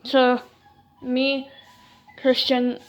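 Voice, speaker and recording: A woman's voice: high-pitched, completely flat delivery, extremely slow, low-quality recording. A woman casually telling a creepy true story, cursing freely and retelling what everyone said. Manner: casual, swears freely, retells talk with "I'm like".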